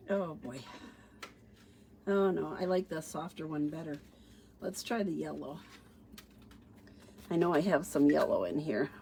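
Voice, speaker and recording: A woman's voice: lowish voice, a little mellow, a little hiss or hum. A middle-aged woman demonstrating paper crafts on a casual livestream, chatty and thinking aloud, with fillers and a touch of allergy sniffles. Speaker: stamping demonstrator.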